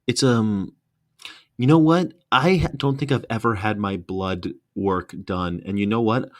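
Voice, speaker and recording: A man's voice: on the low side, measured pace. Profane, rambling man reacting to a video. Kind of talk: casual reaction commentary.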